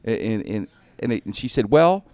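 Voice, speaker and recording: Animated lively-voiced man telling stories. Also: lowish voice, brisk, no echo. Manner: animated, jokey, acts out other people's lines. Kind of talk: casual storytelling chat.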